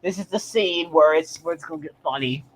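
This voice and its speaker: A man's voice: on the high side, brisk, a little hiss or hum. A man hosting a livestream in casual chat, eager and repeating himself often. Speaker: livestream host.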